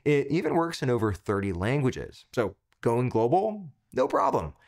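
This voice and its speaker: A man's voice: medium pitch, sing-song, moderate pace, a little mellow. A man hosting a tech tutorial, giving an upbeat scripted product review in punchy short phrases.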